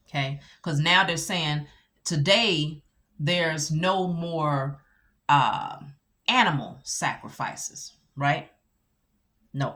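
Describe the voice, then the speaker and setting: A woman teaching scripture casually, animated and full of rhetorical questions. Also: low voice. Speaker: Bible teacher.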